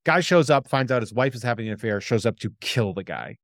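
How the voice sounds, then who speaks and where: Man, podcast co-host, casual chat, excitable plot recap, mid pitch, dry close sound. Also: fast, no room sound.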